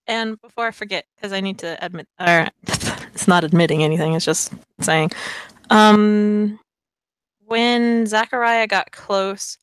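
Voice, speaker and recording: A woman's voice: medium pitch, smooth, no echo. A young woman, a player in a tabletop role-playing game, chatting casually with rambling asides and fillers. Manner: chatty, rambling with fillers, bursts into excited squeals.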